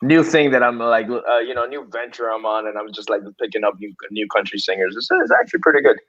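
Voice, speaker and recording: Young male co-host, relaxed swearing banter, dull lo-fi sound with crowd noise behind. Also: mid-range voice, fast talker. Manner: loose, profane, laughing banter. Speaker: podcast co-host. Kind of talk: casual chat.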